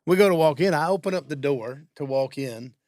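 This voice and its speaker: A man hosting a podcast, chatty and quick to laugh while telling anecdotes. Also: a little high, a little mellow, dry recording, clean studio sound. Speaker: podcast host. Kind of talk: casual podcast conversation.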